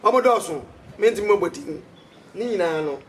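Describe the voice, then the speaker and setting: A man's voice: high-pitched, expressive, normal speed. A man interviewing a guest, prompting him and murmuring agreement. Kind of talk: interview questions. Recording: distant mic with faint outdoor noise.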